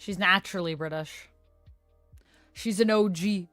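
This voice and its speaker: A young woman hosts a live stream in a relaxed, chatty way, answering her chat as she goes. Her voice sits low and smooth but shoots up high on surprised questions. The sound is dry and close, with faint lo-fi music behind her. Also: a little slow, dry recording. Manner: animated, voice leaps up on surprised questions.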